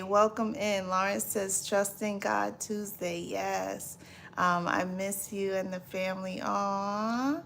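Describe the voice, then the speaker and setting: Gravelly low-ish woman on a live stream, real slow and chatty, laughs a lot, reads out comments. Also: steady tone, a bit bright, slight background noise. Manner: laughs often, repeats phrases, chatty. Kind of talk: casual live chat, reading viewer comments aloud.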